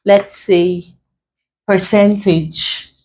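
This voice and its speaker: Woman tutor, exam-prep lesson, unhurried, spells letters out one at a time, mid-pitched. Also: fairly even intonation, a little mellow, rough recording. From Nigeria. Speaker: English tutor.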